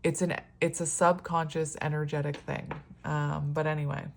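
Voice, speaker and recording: A woman's voice: sits low, flat delivery, moderate pace, creaky, heavy background noise. A woman in a casual solo tarot reading, chatty and rambling, often laughing and exclaiming at the cards. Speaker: tarot reader.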